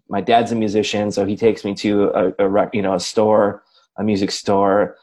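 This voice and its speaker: A man's voice: on the low side, a little mellow, breathy edge. A man in his forties from Wisconsin, a podcast co-host and radio personality, telling a rambling, self-deprecating story full of asides. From Racine, Wisconsin, USA. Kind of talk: casual storytelling chat.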